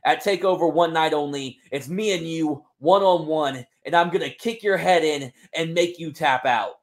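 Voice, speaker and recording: A man's voice: fairly high pitch, normal speed, pitched above the performer's own voice, lightly acted. A man voicing a proud, intense male wrestler delivering a scornful challenge promo. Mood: defiant.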